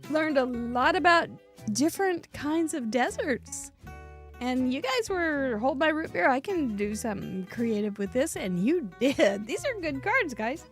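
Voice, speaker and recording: A woman's voice: high-pitched, very animated, a little slow, faint music behind. A woman hosting a live cardmaking show, chatting and exclaiming as she shows viewers' cards. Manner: chatty, exclaiming, with frequent laughs. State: coughing, throat dry. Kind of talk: casual live-stream chat showing viewer cards.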